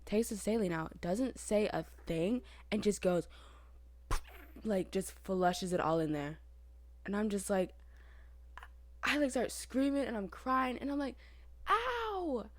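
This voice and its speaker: A young woman with a medium-pitched voice tells a story in a lively, chatty way, full of fillers. She sounds like a podcast co-host talking with a friend. The sound is close and dry. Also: a little slow, pauses often, dry recording. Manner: chatty, animated, filler-heavy with frequent laughs. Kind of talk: casual chat, storytelling.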